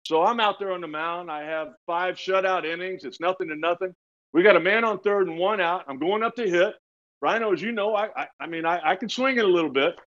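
A man in his sixties, a retired pitcher, telling lively stories in an interview, often laughing and restarting his words. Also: a little fast. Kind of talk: storytelling in casual interview. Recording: dull lo-fi sound.

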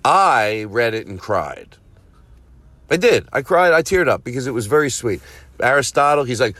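A man's voice: medium pitch, animated, fairly quick, a bit bright, no echo. A man hosting his own show, rambling through a profane, self-mocking comedic monologue full of asides. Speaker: comedian podcast host.

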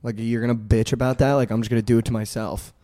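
A young man co-hosting a podcast, telling a story in casual chat, animated and full of "like" and "dude". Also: medium pitch, fast. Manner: animated, heavy use of "like" and "dude", acts out quotes. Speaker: podcast co-host.

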